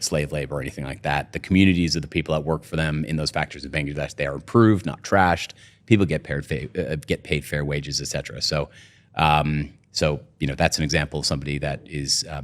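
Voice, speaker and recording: A man, a company co-founder, talking through a casual podcast interview with lots of "you know" and "right?". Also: extremely low pitch. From United States.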